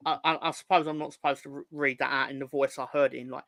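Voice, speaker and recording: This man speaks quickly at medium pitch with fairly even intonation, a creaky, fairly bright voice and no room sound. On his casual football fan livestream he reads viewer comments in silly voices, jokes, rambles, stumbles and restarts.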